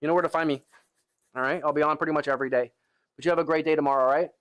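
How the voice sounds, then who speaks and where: A man's voice: fairly high pitch, steady tone, rapid-fire, fairly bright tone. A young man live-streaming from the gym, chatting casually with his viewers between lifts, saying "bro" and "like" a lot. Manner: laid-back, talks to chat with lots of "bro" and "like". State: tired arms after lifting, sighing between sets.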